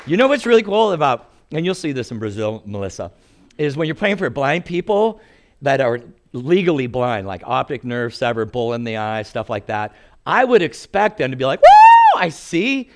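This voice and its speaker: Older male pastor, animated storyteller with a joking sermon delivery. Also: medium pitch, moderate pace. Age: 60s.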